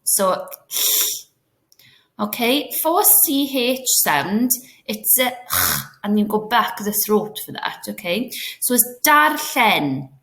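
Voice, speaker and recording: A woman's voice: medium pitch, lively intonation, slow pace, creaky, fairly bright tone. A woman teacher giving a recorded lesson to children, patient and step by step, with many fillers and check-ins. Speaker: Welsh teacher.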